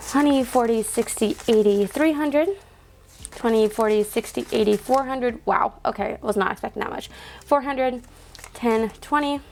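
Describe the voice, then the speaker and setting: A woman's voice: a little high, slight background noise. A young woman vlogging casually to her phone camera indoors, chatting with lots of "like" fillers and counting cash aloud.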